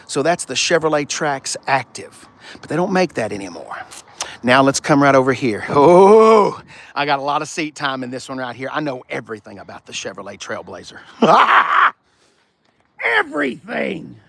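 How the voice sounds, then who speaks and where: A man's voice: medium pitch, expressive, a little fast, dry recording. A man hosting a casual live car walkaround on a sunny outdoor dealership lot, rowdy and joking, swearing freely.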